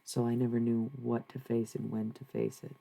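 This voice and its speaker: Gravelly streamer rambling at chat, swears a lot, middle pitch. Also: completely flat delivery, normal speed, dark tone, poor audio. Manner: rambling, profane, talks back to chat. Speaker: live streamer. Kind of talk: casual live-stream chat.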